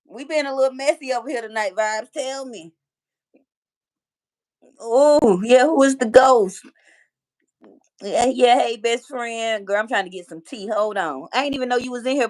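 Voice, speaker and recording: A woman in her forties with a Detroit accent, hosting a casual livestream and chatting with viewers and reading their comments, playful and full of trash talk. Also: a little high. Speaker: livestream host.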